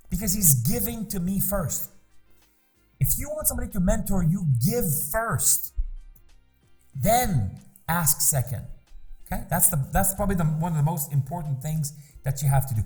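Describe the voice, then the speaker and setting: A man's voice: high-pitched, animated, moderate pace, darkish tone, soft background music. A man speaking as a business mentor in an emphatic motivational talk, repeating rhetorical questions to drive points home.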